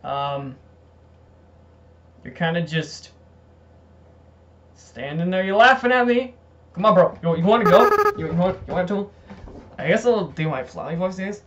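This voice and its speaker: Excitable high-voiced man gaming. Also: measured pace, pauses often, slight background noise. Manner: excitable, exclaiming and reading game text aloud. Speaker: let's play gamer. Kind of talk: gameplay commentary. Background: loud game music.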